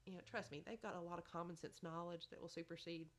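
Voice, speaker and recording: A woman's voice: fairly low pitch, steady tone, quick pace. A woman giving motherly advice in a chatty podcast conversation, often saying "you know". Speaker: podcast guest. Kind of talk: casual advice chat.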